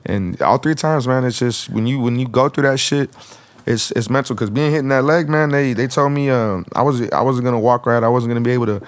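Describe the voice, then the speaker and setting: A man's voice: mid-range voice, a little fast, dry recording. A man from Arizona, a rapper guest telling stories in a casual interview, swearing freely and acting out what others said. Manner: profane, rambling, acts out others' lines.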